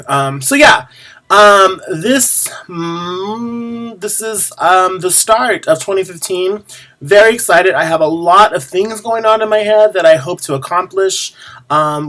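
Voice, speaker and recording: A man, a drag performer, chatting casually to camera in a rambling, sassy way with many pauses. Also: a little high, fairly bright tone. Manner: rambling, lots of ums and restarts.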